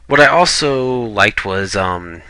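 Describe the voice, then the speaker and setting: Male reviewer, blunt and casual, swears freely; bright, close, dry sound. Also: lowish voice, animated, slow pace, smooth, no room sound, poor audio. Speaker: video reviewer.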